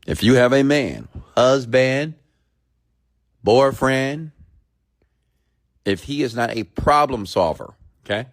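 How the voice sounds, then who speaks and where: A man's voice: mid-range voice, lively intonation, takes it slowly, long pauses. A man hosting a live stream, ranting bluntly and preachily at his viewers, often checking in with "okay?" and reading out their comments. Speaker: host.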